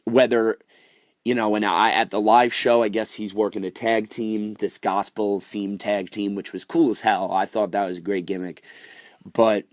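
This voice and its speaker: A man's voice: on the low side, dry recording, studio quality. A young man ranting casually about wrestling on his vlog, exasperated, with lots of fillers and restarts. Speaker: wrestling vlogger. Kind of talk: casual opinion rant.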